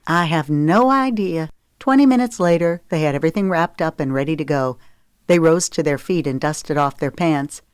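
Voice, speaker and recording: A woman narrating a romance audiobook in a steady, measured reading. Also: sits low, clear, resonant tone, no echo, clean studio sound. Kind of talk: scripted narration.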